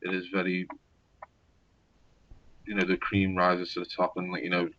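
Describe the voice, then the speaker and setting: Low-voiced Scouse man chatting. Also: completely flat delivery, normal speed, bright, forceful tone, no room sound, lo-fi sound. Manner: rambling, many fillers and restarts. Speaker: novelist. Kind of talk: casual podcast conversation.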